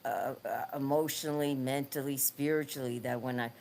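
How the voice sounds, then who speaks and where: A woman with a low-pitched voice chats as an interview guest over a faint background hiss. She tells her stories in halting phrases, restarting and repeating words, and laughs easily. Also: fairly even intonation, creaky, darkish tone. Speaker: podcast guest, former nun and author. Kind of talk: casual interview chat.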